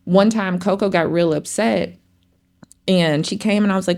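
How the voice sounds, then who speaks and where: Woman, middle-aged, low gravelly voice, podcast chat, animated storyteller. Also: brisk. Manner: animated storyteller, acts out family quotes. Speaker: podcast co-host. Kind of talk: casual chat.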